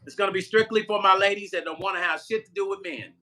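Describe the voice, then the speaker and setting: A man's voice: high voice, fast talker, bright, forceful tone. An older man vlogging live and chatting loosely with viewers, joking and talking straight to his chat. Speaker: musician vlogger. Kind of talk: casual livestream chat reading viewer comments.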